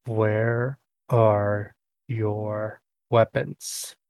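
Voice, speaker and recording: A man doing a cold tentacled mind flayer captor from a tabletop game, slow and halting in broken speech. The voice sits in a middle pitch and is recorded dry and close. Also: no room sound. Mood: menacing. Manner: slow, wet, menacing delivery.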